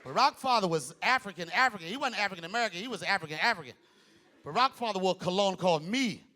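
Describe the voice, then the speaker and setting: High, lively male stand-up comic. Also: fast. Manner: animated, loud, jumps into impressions. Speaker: stand-up comedian. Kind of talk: stand-up comedy set. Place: comedy club stage. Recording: live club with loud crowd laughter.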